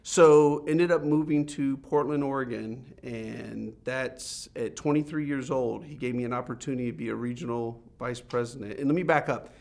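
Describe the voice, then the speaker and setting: Animated storytelling man, laughing often. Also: medium pitch, normal speed, creaky, hardly any pauses. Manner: animated, laughs often while telling stories. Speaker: interview guest, businessman. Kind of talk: casual storytelling.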